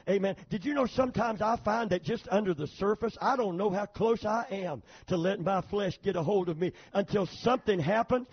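A male pastor preaches an emphatic sermon and keeps calling for amens from the congregation. His voice is high and husky. The recording sounds dull and lo-fi. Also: a little fast, hardly any pauses.

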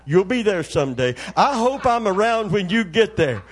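A man's voice: sits high, sing-song, normal speed, husky. An older man, a pastor preaching a Pentecostal sermon in a church, joking in a folksy way and calling on the congregation for amens.

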